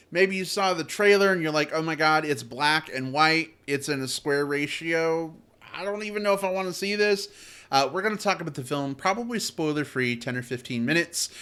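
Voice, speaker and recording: A male podcast host with a bright, forward voice that rises and falls freely. He talks casually and playfully, leaning on "like" and "uh" as he leads the chat. His pitch sits in the middle for a man. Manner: animated, playful, filler-heavy.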